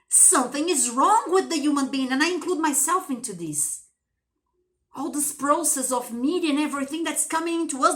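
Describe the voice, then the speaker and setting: A woman's voice: sits high, lively intonation, normal speed, sharp tone. A woman teacher giving an impassioned motivational monologue to her channel's viewers, piling up rhetorical questions and calling them darling and baby. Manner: addresses viewers with endearments.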